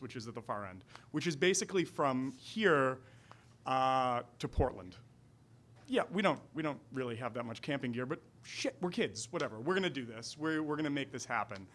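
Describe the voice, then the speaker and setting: A man's voice: medium pitch, a bit bright. A man in his forties with a Boston accent, telling a wry, self-deprecating story at a live storytelling night in a restaurant. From Boston area.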